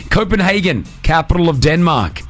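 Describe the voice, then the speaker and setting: An energetic male radio host with a slightly raised voice, bantering and reading quiz questions at a brisk clip. A faint music bed plays under him in the studio. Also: a little high. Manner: upbeat, joking, brisk quizmaster.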